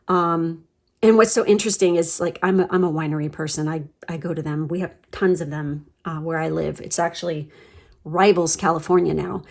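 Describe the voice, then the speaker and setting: A woman giving a casual pick-a-card tarot reading, chatty and rambling, gushing with lots of fillers and the odd swear word. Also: lowish voice. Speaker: tarot reader.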